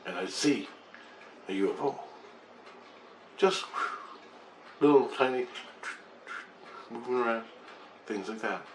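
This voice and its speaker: A man's voice: medium pitch, slow pace, long pauses. A middle-aged man telling a long personal story in a rambling, profane, intense way. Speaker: vlogger telling his own experience. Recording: echoey room with faint background noise.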